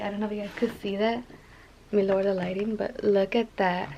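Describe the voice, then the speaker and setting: A woman's voice: medium pitch, fairly even intonation, brisk, background noise. A young woman vlogging an unboxing, gushing over each item with gasps and lots of fillers. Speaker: beauty vlogger. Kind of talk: excited unboxing vlog.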